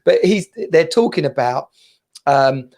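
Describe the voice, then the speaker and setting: Man, thirties, casual podcast co-host, slightly high voice, lively storytelling, laughs often. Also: unhurried. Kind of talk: casual chat.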